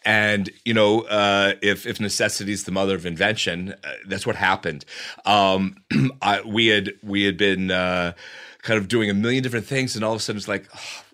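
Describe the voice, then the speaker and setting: A man, the guest, telling a personal story in an animated way, often restarting his sentences. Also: fairly low pitch, moderate pace. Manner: lively narrator with frequent restarts.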